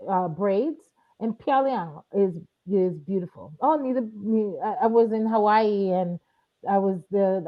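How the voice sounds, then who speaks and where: On dull, muffled lo-fi audio, a New York woman who tutors Chinese chats as an interview guest. She's animated, switching to a higher voice whenever she acts out what someone said.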